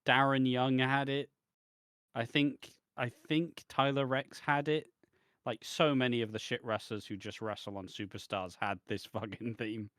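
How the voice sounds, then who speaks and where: A man's voice: mid-range voice, fairly even intonation, a little slow, fairly bright tone, no room sound, clean studio sound. A man co-hosting a wrestling podcast in blunt, sardonic, profane chat. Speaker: podcast co-host. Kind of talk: casual chat.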